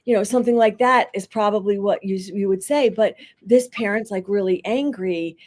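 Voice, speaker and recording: A woman's voice: mid-range voice, normal speed. A middle-aged woman, a school psychologist, explaining counseling techniques in conversation and acting out quotes as she tells anecdotes. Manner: animated storytelling, acts out voices in quotes. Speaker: school psychologist and podcast guest.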